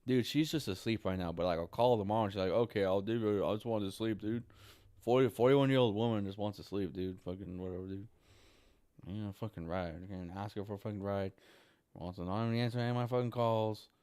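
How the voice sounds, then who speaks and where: A man with a somewhat low voice vents in a rambling vlog monologue. He is exasperated and repetitive. He swears in nearly every line and keeps tacking "dude" onto his sentences. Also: fast, a little mellow, clear, resonant tone. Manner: frustrated ranting, heavy swearing, repeats "dude". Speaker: vlogger. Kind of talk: venting monologue.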